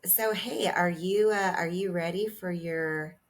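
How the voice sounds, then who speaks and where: A woman in her forties co-hosting a podcast, relaxed and teasing in casual chat. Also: on the low side, a little slow. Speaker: podcast co-host.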